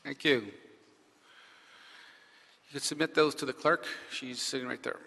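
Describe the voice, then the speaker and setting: A man chairing a public council committee hearing, briskly moving through items and calling speakers' names at a desk microphone. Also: medium pitch, steady tone, gravelly, sharp tone. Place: council chamber. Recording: echoey hall.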